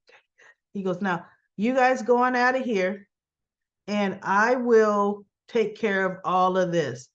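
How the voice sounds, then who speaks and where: A woman in a casual recap monologue, talking at an unhurried, drawn-out pace. She retells scenes with quoted lines and throws in her own asides. The recording sounds dull and lo-fi. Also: mid-range voice. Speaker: soap opera recap host.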